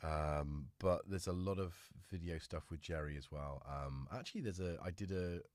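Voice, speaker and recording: A man hosting a relaxed live stream, chatting casually and talking fondly to his cats. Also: low-pitched, normal speed, no echo. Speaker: livestream host.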